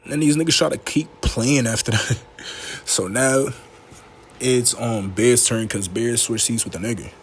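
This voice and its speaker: A man giving a casual, animated movie recap full of slang, acting out the characters' lines as he goes. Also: mid-range voice, measured pace, slight background noise. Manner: animated, slangy storytelling with frequent laughs. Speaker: movie reviewer.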